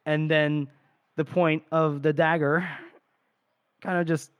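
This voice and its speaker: A man's voice: a little high, little pitch movement, slow pace, clean tone, dull audio. A man co-hosting a book podcast, casually retelling scenes and reading characters' lines aloud. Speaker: podcast co-host.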